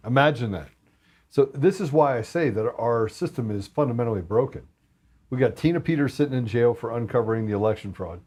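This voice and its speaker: A man's voice: medium pitch, expressive, brisk, a little mellow, breathy edge. A man talking as a podcast guest in casual chat, blunt and heated, with some swearing.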